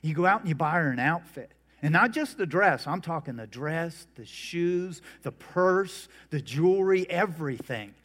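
A man's voice: on the high side, expressive, moderate pace, few pauses, a bit bright. A middle-aged man preaching a sermon, telling folksy stories and jokes. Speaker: pastor. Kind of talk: humorous sermon.

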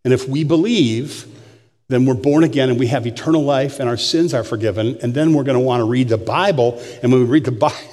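A man's voice: mid-range voice, moderate pace, a little mellow. An older man, a pastor, preaching a sermon with folksy, humorous storytelling in a church sanctuary. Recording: long church hall reverb.

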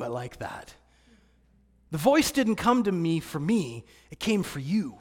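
A man preaching a sermon, swinging between hushed, quiet passages and loud, excited ones. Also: high voice. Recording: long hall reverb.

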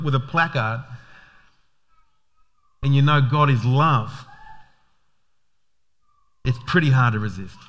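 Guy preaching, kinda high bright voice, acts out people in his stories and chuckles a lot. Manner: storytelling with animated quoted voices and chuckles. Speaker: pastor. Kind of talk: sermon.

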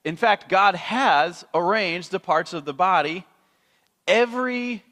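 A pastor giving a sermon, animated and chatty, telling a story with acted-out voices. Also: male voice, sits high, slow. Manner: animated storytelling, acting out scenes with shifting voices. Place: church sanctuary. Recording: long hall reverb.

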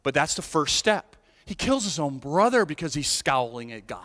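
Man preaching, high voice, bright tone, emphatic, long hall reverb. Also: very animated, normal speed. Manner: emphatic, rising to near-shouts on quoted lines. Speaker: pastor. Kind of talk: sermon.

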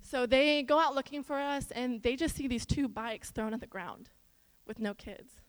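High-voiced woman preaching in echoing hall. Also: normal speed. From Iowa, US. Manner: animated, talks straight to the audience with asides. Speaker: church speaker. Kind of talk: chatty sermon with storytelling. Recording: long hall reverb.

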